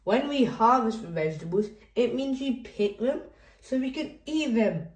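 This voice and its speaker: A woman's voice: a little high, expressive, moderate pace, echoey room, voice pushed up, natural voice. A woman voicing a kindly, chuckling old grandfather pig in a storybook read-aloud.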